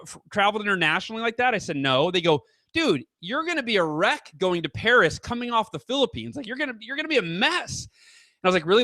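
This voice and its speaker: A man in his thirties, a guest author chatting casually in an interview, telling stories with lively quoted voices. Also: high-pitched, dry recording. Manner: animated storyteller, acts out quoted voices.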